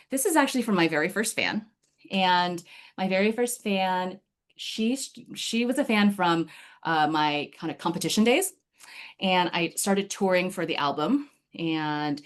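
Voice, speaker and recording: Over a video call, a woman with a lowish voice gives a personal storytelling speech to her speaking club. She is chatty, uses lots of fillers, and laughs often.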